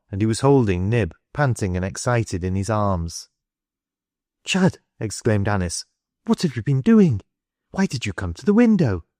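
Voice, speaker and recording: A man narrating a classic novel as an audiobook, in a steady, unhurried storytelling manner. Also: fairly low pitch, no room sound, clean studio sound. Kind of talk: scripted narration.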